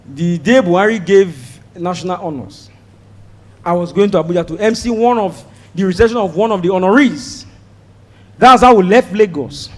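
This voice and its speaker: High-pitched Nigerian man doing stand-up. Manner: animated storytelling, acting out shouted prayers. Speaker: stand-up comedian. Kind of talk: stand-up comedy set. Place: comedy stage before a live audience. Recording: live show with crowd audible.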